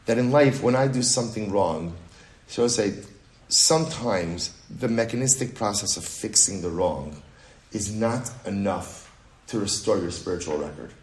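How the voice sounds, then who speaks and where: Animated rabbi teaching Talmud. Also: male voice, fairly low pitch, roomy sound. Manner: animated, repeats phrases, reads Aramaic then explains in English. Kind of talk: daf yomi Talmud class.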